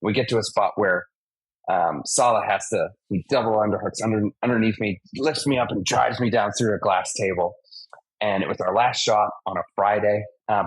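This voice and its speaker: A man in his forties from Massachusetts, a stunt performer telling animated stories in an interview and acting out the impacts. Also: on the low side, husky, no echo, low-quality recording. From United States (Massachusetts). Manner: animated anecdotes, acts out impacts and sound effects. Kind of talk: casual storytelling interview.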